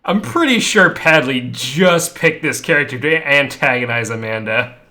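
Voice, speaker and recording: A man's voice: medium pitch, animated, normal speed, sharp tone. A man playing a tabletop game, chatting casually and a little hesitantly. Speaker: player.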